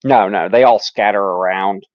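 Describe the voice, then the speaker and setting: A man narrating as game master in a tabletop game, relaxed and laughing, with lots of fillers. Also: fairly low pitch, moderate pace, no room sound. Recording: dull lo-fi sound.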